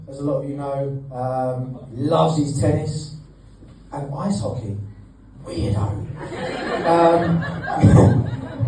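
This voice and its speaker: A man's voice: a little high, mellow, slight background noise. A man giving a joking best man speech at a wedding, teasing the groom and laughing between lines. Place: wedding reception hall. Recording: echoey hall, mic at a distance.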